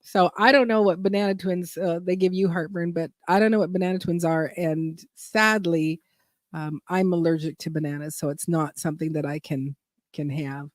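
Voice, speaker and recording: A woman's voice: lowish voice, fairly even intonation, moderate pace, no echo, studio quality. A woman hosting a gardening channel livestream, chatting casually and rambling as she reads viewer comments aloud.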